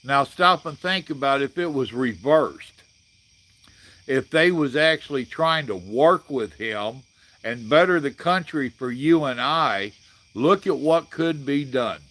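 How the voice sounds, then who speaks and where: Sixty-something guy chatting live with viewers, plainspoken and blunt, bright punchy voice. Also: mid-range voice, lively intonation, takes it slowly, no room sound. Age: 60s. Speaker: livestream host. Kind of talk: casual live chat reading comments.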